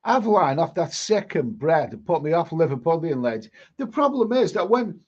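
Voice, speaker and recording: A man with a fairly high voice hosts a casual live stream, reading out viewer comments. He rambles, doubling up words and restarting sentences as he goes. The sound is dull and lo-fi. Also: very animated, normal speed, a little mellow.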